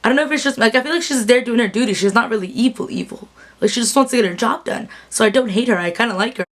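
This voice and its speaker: A woman's voice: on the high side, racing. A young woman casually recapping a TV episode, chatty and bubbly with lots of fillers, acting out characters' quotes. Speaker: TV recap vlogger. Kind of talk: casual chat.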